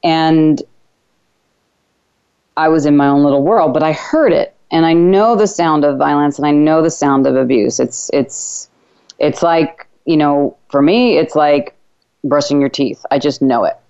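A woman hosting a talk radio show, telling a personal story in an earnest, reflective way with halting restarts. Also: sits low, dark tone, clean tone. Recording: slightly dull lo-fi radio audio.

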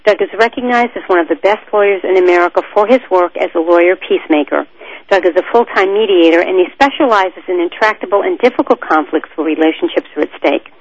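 Brief: female talk radio host, smooth announcer delivery, dry dull sound. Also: lowish voice, fast talker, no echo. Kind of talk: radio interview.

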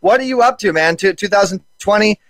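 Fast-talking, high-voiced podcast host man. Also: no echo. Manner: energetic, hurried, stumbling restarts. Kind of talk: casual podcast chat.

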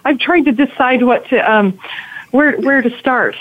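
A woman's voice: sits high, normal speed, noisy background. A woman author calling in as a guest, chatting with apologetic asides and then reading her novel aloud. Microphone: phone call. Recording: tinny phone line.

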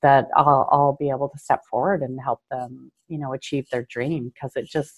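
A middle-aged woman from Canada with a low voice. She tells her story as an interview guest, earnestly, with plenty of ums and likes. Now and then she gets choked up. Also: fairly even intonation, moderate pace. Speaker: guest, car dealership owner.

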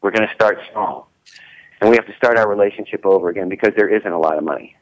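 A man's voice: on the low side, quick pace, low-quality recording. Blunt, emphatic middle-aged man. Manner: emphatic and repetitive, folksy and blunt. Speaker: business turnaround consultant, guest. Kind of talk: motivational interview talk.

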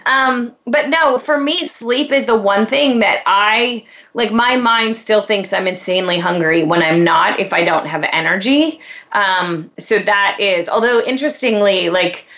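A woman hosting a casual interview, chatty and quick to laugh. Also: medium pitch, a bit bright. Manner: chatty, with frequent laughs and fillers. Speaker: host. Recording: dull lo-fi sound.

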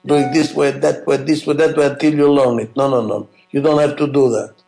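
Man, gravelly voice, mid pitch, management lecture, emphatic, repetitive, rhetorical questions. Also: fairly even intonation, a little fast, dark tone, reverberant, soft background music, poor audio. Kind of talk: classroom lecture.

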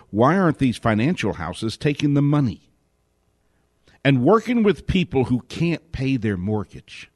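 A man giving a spoken commentary monologue, indignant, asking question after question and dropping to a hushed whisper for emphasis. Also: medium pitch, dry recording, clean studio sound. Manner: indignant, rapid rhetorical questions. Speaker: host.

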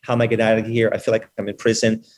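A middle-aged man talks rapidly in a somewhat low voice, sharing his story as an interview guest. His speech is casual and chatty, studded with "like" and "you know." He sounds like a basketball trainer recounting how he found his calling. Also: level tone, rough recording. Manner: rapid and talkative, full of "like" and "you know" fillers.

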